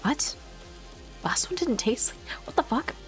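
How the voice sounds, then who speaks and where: A woman's voice: sits high, sing-song, measured pace, faint music behind. A woman livestreaming casual chat, rambling, laughing often and swearing freely into a new microphone. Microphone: new desk microphone.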